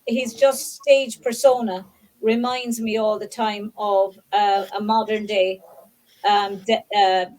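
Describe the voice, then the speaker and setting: A woman's voice: medium pitch, level tone, slow pace, a little mellow, rough recording. A woman chatting eagerly as a panelist on a talk show. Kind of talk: casual panel chat.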